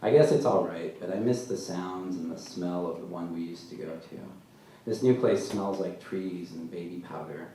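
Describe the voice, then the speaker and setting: Low-voiced guy doing a deadpan live reading, far from the mic, faint hiss. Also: moderate pace. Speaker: author reading his story. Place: live reading venue, large room. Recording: echoey hall, mic far off, faint noise.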